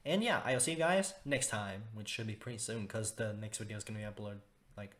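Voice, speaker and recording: A man's voice: lowish voice, fairly quick, a bit bright. A young man reviewing a cartoon episode in a casual, rambling way, full of fillers and restarts, with exaggerated disgust. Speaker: video reviewer.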